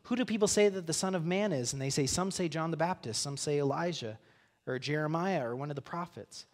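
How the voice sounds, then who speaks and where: Male pastor, slightly high voice, earnest reflective sermon delivery with hushed asides. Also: fairly quick. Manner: earnest, reflective, drops to soft near-whispers. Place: church sanctuary.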